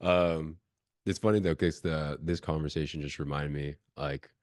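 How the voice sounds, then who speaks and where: Super deep voiced young dude, chill podcast guest, swears a lot. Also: male voice, steady tone, moderate pace, dry recording, studio quality. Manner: laid-back, swears casually. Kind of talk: casual podcast chat.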